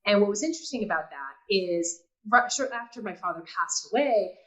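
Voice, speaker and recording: Woman, storytelling guest, swooping lively pitch, animated, laughs often. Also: fairly quick, low-quality recording. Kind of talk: personal storytelling.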